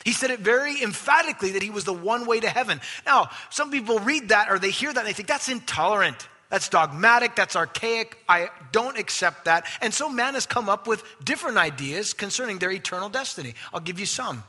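A man preaching a sermon as pastor, emphatic, swinging from loud stresses to hushed asides. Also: high-pitched, expressive, fast talker, hardly any pauses. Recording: long hall reverb.

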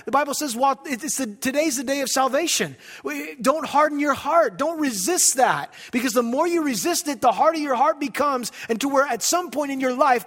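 A man preaching a sermon to his congregation, emphatic and pleading, dropping his voice low for scripture. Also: fairly bright tone. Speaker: pastor. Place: church sanctuary. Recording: hall reverb.

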